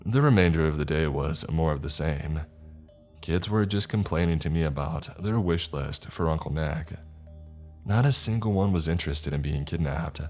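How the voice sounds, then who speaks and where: A man's voice: a bass voice, moderate pace, a little mellow, faint music behind. A man narrating a scripted horror-comedy story in a dry, sardonic way.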